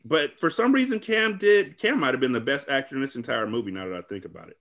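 A man's voice: medium pitch, animated, fast, a bit bright. A man on a podcast casually recapping a bad movie, rambling, cursing and joking. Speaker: podcast host.

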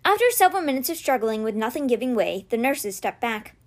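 A woman reading a children's novel aloud in a steady, gentle storytelling manner. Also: on the high side, a little fast. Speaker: read-aloud podcast host.

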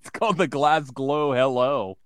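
A man's voice: medium pitch, normal speed, clean tone, no room sound, studio quality. A man co-hosting a podcast, chiming in with teasing, joking remarks. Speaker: podcast co-host. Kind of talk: casual chat.

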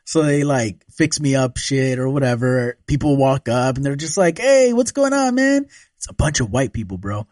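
A man's voice: mid-range voice, normal speed, few pauses, no room sound, studio quality. A man telling a personal story in casual chat. He swears a lot and laughs often. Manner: relaxed, profane, laughs often.

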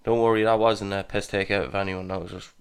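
A man's voice: low-pitched, flat delivery, fast talker, smooth. A man co-hosting a podcast, ribbing his friend with sweary banter. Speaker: podcast co-host. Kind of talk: casual chat.

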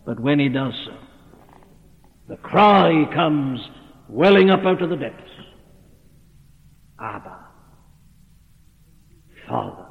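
A man's voice: a little high, lively intonation, unhurried, long pauses, muffled recording. A man preaching a sermon in an earnest manner, rising to fervent cries. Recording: phone-thin old sermon tape in a reverberant hall.

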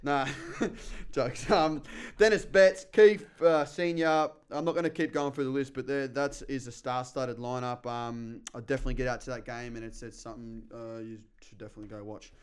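A man hosts a casual sports chat show, running through names and trading jokes with the guests. His voice sits at an ordinary middle pitch, and he keeps the mood light and teasing. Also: steady tone, normal speed, hardly any pauses, clear, resonant tone. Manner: joking, banter-filled. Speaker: podcast host.

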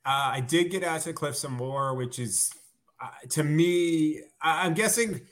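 A man's voice: a little high, measured pace, a bit bright. Chatty American man, rambling guest. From United States. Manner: chatty, rambling, self-deprecating, laughs easily. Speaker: guest sports journalist. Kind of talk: casual podcast chat.

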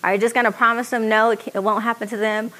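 A woman's voice: on the high side, little pitch movement, racing, fairly bright tone. A woman leading a workshop, speaking conversationally and asking the audience rhetorical questions. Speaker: workshop facilitator. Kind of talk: lecture to an audience.

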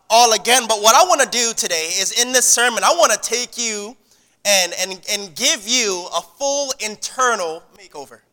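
A man's voice: sits high, sharp tone, long reverb tail. A man preaching a sermon to his congregation in a conversational style, repeating words and restarting phrases as he goes. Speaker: pastor. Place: church sanctuary.

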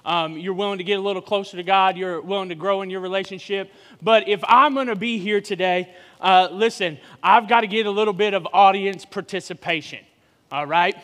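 A man in his forties, a guest preacher, giving a sermon with lively joking banter with the congregation. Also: high voice, fairly quick, big-room sound. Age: 40s. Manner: joking, energetic crowd banter. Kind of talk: sermon with audience interaction. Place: church hall.

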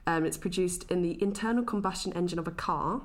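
A young woman co-hosting a casual podcast, playful and quick to laugh while reading out researched facts. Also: fairly low pitch. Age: young adult. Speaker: podcast co-host. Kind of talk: casual chat.

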